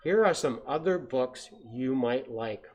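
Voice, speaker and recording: A small, eager storybook mouse, played by a man reading aloud. The voice is pushed higher than his normal talk and sounds pleading and keen. It is a gentle children's story-time turn. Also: animated, measured pace.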